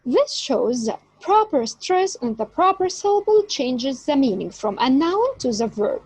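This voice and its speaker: A woman teaches an English lesson in a high, very lively voice that swoops up and down as she stresses syllables. She talks slowly and emphatically. The sound is close and dry. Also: dry recording, rough recording. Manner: slow, emphatic teaching delivery. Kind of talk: online lecture.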